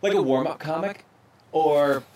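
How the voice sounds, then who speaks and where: A man's voice: a little high, unhurried, a little mellow, distant mic. A man hosting a podcast outdoors at his house, rambling in a casual way with plenty of fillers. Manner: rambling, conversational, many fillers. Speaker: podcast host, photographer.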